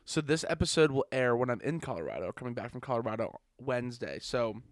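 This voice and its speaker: A man's voice: mid-range voice, expressive, fast, no room sound, clean studio sound. A young man hosting a podcast, chatting casually in a rambling, jokey way and laughing at his own jokes. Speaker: podcast host. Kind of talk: casual chat.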